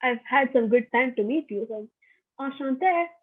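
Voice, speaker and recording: A young woman teaches a relaxed online lesson, chatting loosely and repeating each phrase so learners can follow. Her voice sits a little high and sounds slightly husky. The audio is thin and narrow, like a phone line. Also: normal speed. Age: young adult. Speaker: French workshop teacher. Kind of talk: casual online language lesson.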